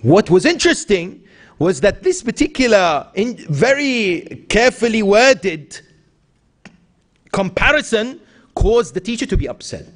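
A man's voice: high voice, very animated, a little slow. A man giving a sermon as a sheikh, telling stories with voiced quotes and asking the audience rhetorical questions. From Iran. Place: mosque hall.

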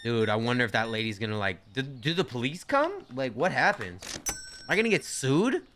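A man's voice: medium pitch, big pitch swings, moderate pace, a bit bright, slight background noise. A young man giving casual, slangy commentary while playing a store game, talking to himself and to the characters on screen. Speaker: gaming streamer.

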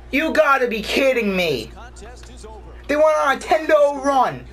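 A young man commentating his own basketball gameplay, excitable, complaining and yelling at the game. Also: very high voice, takes it slowly, pauses often. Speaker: gaming YouTuber.

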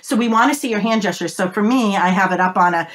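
A fast-talking woman, giving animated, emphatic advice as an interview guest. Her voice is a little whiny and squeaky, and it sits at a middling pitch for a woman. She talks over a video call from her home office. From Boston, USA. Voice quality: self-described whiny, squeaky voice. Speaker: guest, body language expert. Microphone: video call setup.

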